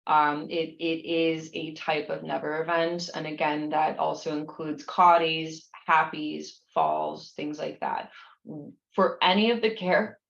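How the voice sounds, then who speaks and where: A woman with a deep, gravelly voice reads nursing exam questions aloud and walks through each answer patiently. She often restarts her sentences. The recording sounds muffled and roomy, with echo around her. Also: level tone, measured pace, a bit bright. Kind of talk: explaining practice exam questions.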